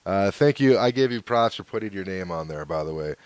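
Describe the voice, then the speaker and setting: Laid-back low-voiced man, solo podcast. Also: expressive, a little fast, clear, resonant tone, no echo. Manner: laid-back and rambling, with frequent fillers and chuckles. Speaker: podcast host. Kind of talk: casual solo podcast, reading hate mail aloud.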